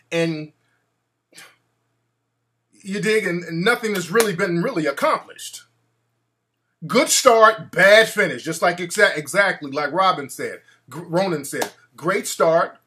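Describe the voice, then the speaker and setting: A man's voice: on the high side, sharp tone. A male talk show host ranting in a brash, profane, mocking way.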